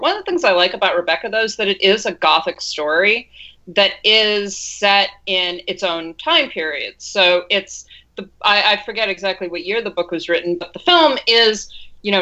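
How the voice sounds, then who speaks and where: A woman's voice: medium pitch, pushed and bright. A woman co-hosting a casual film podcast, talking things through with many restarts. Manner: thoughtful, talks in restarts. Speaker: podcast co-host. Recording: dull lo-fi sound.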